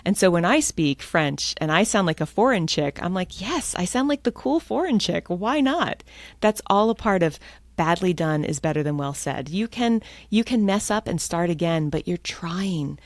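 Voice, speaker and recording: Guest author, American woman, lively and upbeat, low-pitched, close dry mic. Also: moderate pace, dry recording. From United States. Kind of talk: podcast interview.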